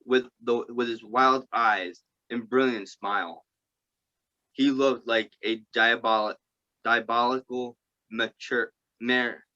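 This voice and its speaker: A man reading a novel aloud to a group, halting and stumbling over words and restarting. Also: mid-range voice, fairly even intonation, bright, forceful tone, lo-fi sound. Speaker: group reader.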